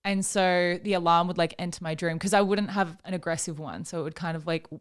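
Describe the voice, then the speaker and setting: A woman's voice: on the low side, steady tone, brisk, smooth. A young woman, co-hosting a podcast in casual chat, telling stories full of "like" and casual swearing. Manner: chatty storytelling, lots of "like", swears casually. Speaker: podcast co-host.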